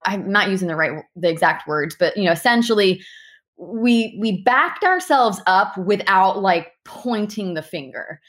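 A woman answering interview questions, telling animated stories with quick asides and restarts. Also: medium pitch. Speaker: guest who handles reviews for partner animal hospitals.

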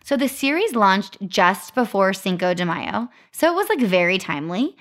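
A young woman co-hosts a podcast in a casual, upbeat voice. Her pitch sits mid-range, and she runs through marketing facts like a story she enjoys telling. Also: big pitch swings, moderate pace, fairly bright tone. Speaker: podcast co-host. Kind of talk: casual chat.

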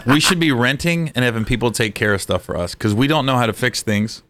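A middle-aged man telling lively, profane stories in a casual podcast chat, jumping his pitch up for quoted voices. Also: quick pace. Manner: animated storyteller, swearing, jumps high for quoted voices. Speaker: podcast co-host.

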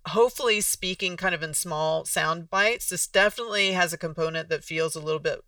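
A casual podcast host with a gravelly, bright voice, explaining things conversationally and acting out little example exchanges. The sound is dry, picked up from a bit away from the microphone. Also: medium pitch, a little fast, no room sound, recorded from a distance. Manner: conversational, restarts sentences, acts out example dialogues.

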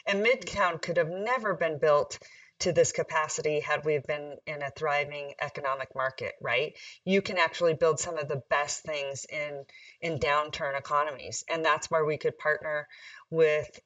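A woman mayor from Nevada chatting in a casual interview, upbeat and quick to laugh. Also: sits low, steady tone, fairly bright tone, no echo, distant mic, lo-fi sound. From Nevada, USA.

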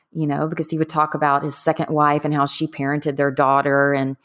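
A middle-aged woman candidly recounting her own experience in a conversation, earnest and a bit halting. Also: low voice. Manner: candid, earnest, trailing off with fillers. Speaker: guest. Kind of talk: personal storytelling in conversation.

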